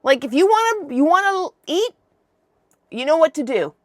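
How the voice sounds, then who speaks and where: A woman's voice: sits high, big pitch swings, moderate pace, dry recording, studio quality, pitched above the performer's own voice. A woman voicing a smug, scheming young man who taunts in casual slang.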